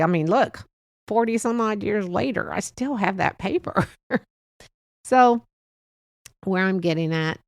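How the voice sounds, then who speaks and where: A woman's voice: medium pitch, no echo, studio quality. A woman in her sixties hosting a solo podcast, talking in a rambling, heartfelt way with frequent small chuckles. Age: 60s. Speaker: podcast host. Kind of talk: casual solo podcast monologue.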